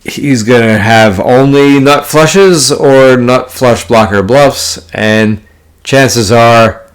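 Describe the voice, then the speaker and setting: A man's voice: medium pitch, slow, clean tone. Blunt, foul-mouthed man ranting about poker. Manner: profane, blunt, exasperated ranting; poker jargon, rambling restarts. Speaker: poker player vlogger. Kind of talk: casual storytelling monologue.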